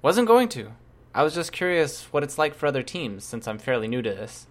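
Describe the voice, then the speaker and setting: A man's voice: mid-range voice, sing-song, a little fast, natural voice. A man reading aloud, voicing a cautious, wry teenage girl with a dry, lightly humorous delivery. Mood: friendly. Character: young teen girl heroine, wry and cautious.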